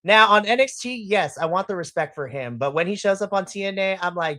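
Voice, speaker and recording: A podcast co-host in casual chat about wrestling, playful and quick to laugh. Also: medium pitch, expressive, fairly bright tone, no echo, clean studio sound.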